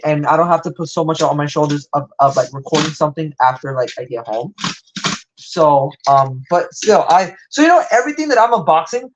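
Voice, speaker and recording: A young man with a slight Latin American Spanish accent streams a live toy unboxing. He gushes and rambles, and his voice leaps high whenever something delights him. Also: muffled recording, a little hiss or hum. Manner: excitable, gushing, wide pitch jumps.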